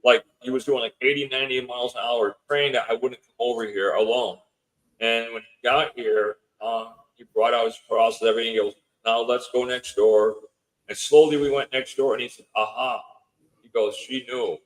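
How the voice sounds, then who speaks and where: A man's voice: mid-range voice, steady tone, normal speed, rough recording. Man telling a story in rambling reported speech. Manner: retells events with lots of quoted dialogue; rambling, with restarts and filler words. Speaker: podcast guest, house owner. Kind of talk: casual storytelling.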